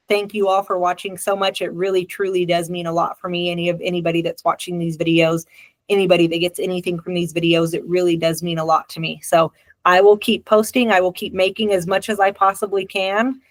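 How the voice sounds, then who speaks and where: A woman's voice: on the low side, no echo. A woman who works as a clinical social worker, giving a casual therapy skills lesson to her channel's viewers in a direct, blunt way, repeating key phrases for emphasis.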